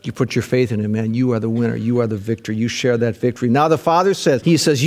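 A man preaching a sermon in a folksy way, swinging from loud fervent peaks to hushed, low passages. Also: steady tone, fast talker, few pauses. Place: church service with a live audience.

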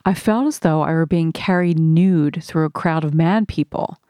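A woman narrating a first-person audiobook in a slow, measured reading. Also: low voice, mellow, no room sound, clean studio sound.

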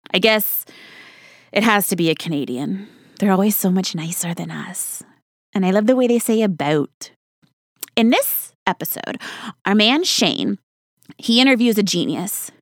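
A woman's voice: lowish voice, no echo, studio quality. A woman hosting a podcast, chatting in a casual, enthusiastic, folksy way. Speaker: podcast host.

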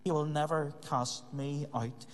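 A man's voice: fairly high pitch, steady tone, measured pace. Earnest male preacher in a reverberant hall. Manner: earnest, repeats key phrases for emphasis. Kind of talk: sermon.

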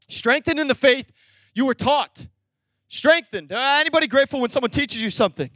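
A young man preaching a sermon, energetic and storytelling, acting out bits of dialogue. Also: extremely high pitch, fairly quick, dry recording. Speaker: pastor.

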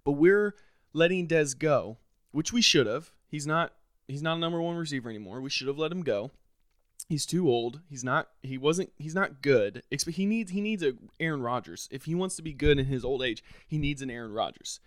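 A man hosting a podcast, delivering a frustrated, sarcastic solo rant with sudden leaps up in pitch and loudness. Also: lively intonation, moderate pace, no echo, clean studio sound. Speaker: podcast host.

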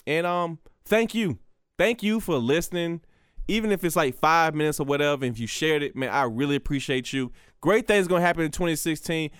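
Guy doing a solo podcast rant, kinda high voice, smooth, dry studio sound. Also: brisk, no room sound. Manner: animated, profane, rambling with restarts. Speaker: podcast host. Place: radio station studio.

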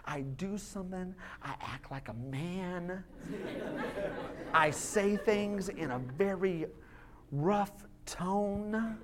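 A man's voice: high-pitched, extremely slow, crowd noise. A pastor in his thirties preaches to his church. His delivery is chatty and informal, as if talking across a table. He drops into short quoted voices to make his points. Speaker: lead pastor. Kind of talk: sermon. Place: church sanctuary.

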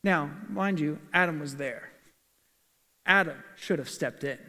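A man's voice: on the high side, measured pace, bright, forceful tone. A male pastor giving a sermon in a church, asking rhetorical questions and reading scripture aloud. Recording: long reverb of a large hall.

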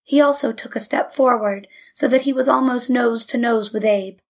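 A woman's voice: fairly high pitch, moderate pace, few pauses. Woman narrating an audiobook.

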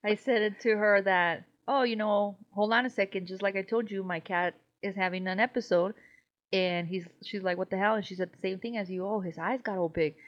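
A woman's voice: mid-range voice, fairly even intonation, a little fast. A woman co-hosting a casual podcast, rambling and swearing freely, laughing often, a little tipsy. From Mexico. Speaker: podcast co-host. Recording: slightly dull lo-fi sound.

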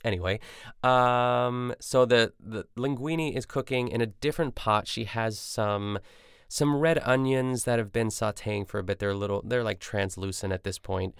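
A man's voice: medium pitch, moderate pace, vocal fry, clean tone, no room sound, clean studio sound. A man hosting a podcast, recapping a cooking show in a casual, rambling way with lots of asides and self-corrections. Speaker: podcast host.

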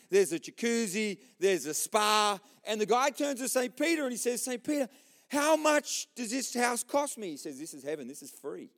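A man with an Australian accent preaching a sermon in church, telling jokes and speaking straight to the congregation. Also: sits high. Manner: jokey storytelling, lively, talks directly to the congregation. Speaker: pastor. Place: church service.

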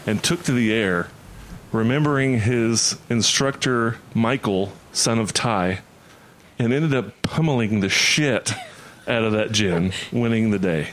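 A male player tells stories and checks the rules in a casual, easygoing manner. His voice sits low, with faint background noise. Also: a little slow, a bit bright. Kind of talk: in-character storytelling in a tabletop game.

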